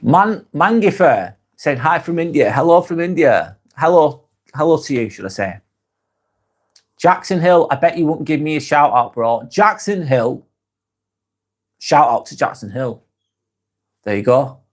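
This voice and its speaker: A man's voice: fairly high pitch, lively intonation, unhurried, pauses often. A man with a Lancashire accent, hosting a casual live stream, reading out viewer comments and answering them frankly, swearing often. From England. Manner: frank, swears freely, muses aloud.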